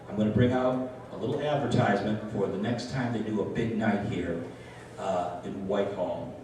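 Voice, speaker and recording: A man's voice: fairly low pitch, moderate pace, a little mellow. A man doing stage comedy as a ventriloquist, bumbling and apologizing as he corrects himself. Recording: distant echoey live stage with noise.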